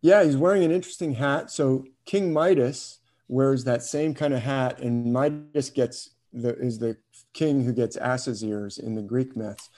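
In a casual classroom lecture, a man retells a story unhurriedly, peppering it with fillers, questions to students, and chuckles. His voice is medium-pitched and dark, with fairly even intonation.

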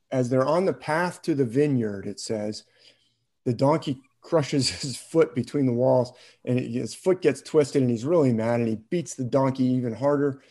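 A man's voice: mid-range voice, warm tone. A man teaching a class, retelling a story casually with fillers and questions to students. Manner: storytelling, asks questions, chuckles, hesitant fillers. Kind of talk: informal class lecture.

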